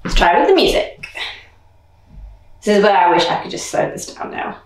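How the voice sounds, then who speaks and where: A young woman dance teacher thinking aloud as she choreographs, counting beats with vocal sounds like boom and dum. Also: lively intonation, moderate pace, background noise. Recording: roomy echo, mic at a distance.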